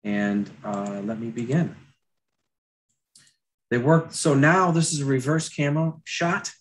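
A man's voice: mid-range voice, a little slow. Man with a dry throat demonstrating storyboards. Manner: loose, chatty, many fillers and restarts. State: dry throat, clearing it often. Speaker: storyboard artist teaching a demo. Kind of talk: live drawing demonstration.

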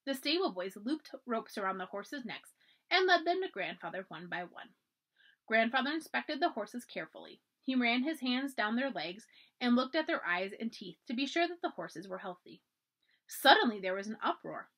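Working as a library storyteller, a woman reads aloud from a children's chapter book at a moderate pace. Her delivery is animated and expressive, with her pitch rising and dipping widely throughout.

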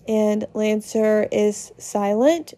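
A woman hosting a game podcast, narrating a playthrough slowly and expressively, reacting aloud as she goes. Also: mid-range voice, warm tone, no room sound, studio quality. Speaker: podcast host.

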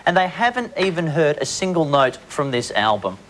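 A man's voice: fairly high pitch, very animated, moderate pace, fairly bright tone, a little hiss or hum. A man hosting a talk show interview, cheeky and joking.

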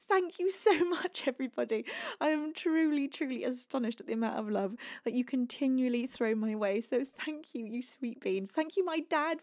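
British woman streamer, effusive and giggly, near tears; high voice, dry close mic. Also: dry recording. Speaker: livestream music host. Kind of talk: thanking chat viewers on a live stream.

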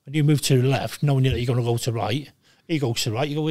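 An older man in his sixties, talking bluntly and with lots of swearing in a casual interview, telling animated stories. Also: mid-range voice, quick pace, dry recording, clean studio sound. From Wales. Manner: blunt, profane, animated storytelling. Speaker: guest, former goalkeeper.

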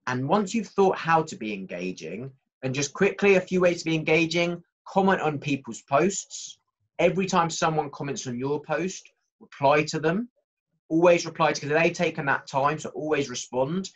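A man presenting a marketing workshop in a lively, conversational way, talking straight to his audience. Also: fairly high pitch, highs cut off.

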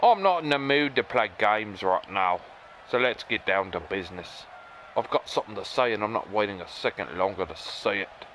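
A man reading out a wrestler's challenge to a rival in a flat, mock impression. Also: lowish voice, normal speed, slight background noise, poor audio. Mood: stern. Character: challenging male wrestler calling out a foe.

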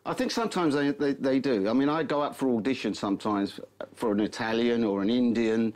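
A man's voice: mid-range voice, a little fast, a little mellow. A man, an actor guest, answering casually and acting out quoted voices. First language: Turkish. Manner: easygoing, acts out quoted voices. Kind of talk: interview answers.

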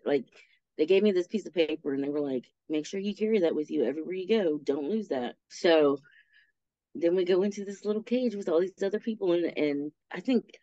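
Woman telling a story, animated, muffled. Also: fairly low pitch. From Texas. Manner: animated, acts out quoted voices. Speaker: guest. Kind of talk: conversational interview storytelling.

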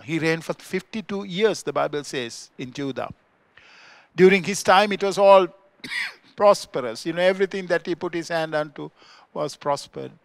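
A male pastor with a Sri Lankan accent delivers a sermon in a fairly high voice. He swells into loud, emphatic declarations and then drops to hushed, low remarks. The sound is close and dry, with almost no room echo. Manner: swings between loud emphatic peaks and quiet low asides. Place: church.

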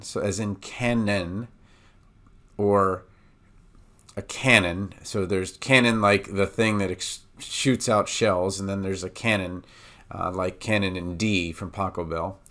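Guy w/ a lowish voice walking thru a pharmacy lesson, slow syllable drills, lots of "okay?". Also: a bit bright. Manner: patient, breaks words into syllables slowly; frequent "okay?" and "uh" fillers. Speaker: pharmacist teaching drug pronunciation. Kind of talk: tutorial explanation.

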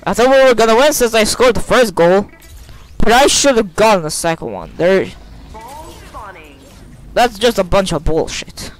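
A man with a notably high voice talks over his own gameplay into a desk mic. He grumbles and curses at his teammates, then breaks into loud shouts. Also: expressive, moderate pace, long pauses, poor audio. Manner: frustrated, swearing, bursts into shouts. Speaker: gaming video creator. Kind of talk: live gameplay commentary. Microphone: desk microphone.

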